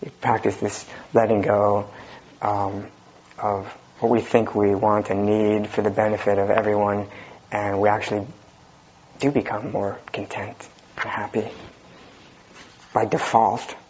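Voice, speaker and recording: A man teaching as a Zen teacher, giving a talk with dry humor and an unhurried manner. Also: on the low side, level tone, darkish tone, slight background noise. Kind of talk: dharma talk reading and commenting. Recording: dull lo-fi recording.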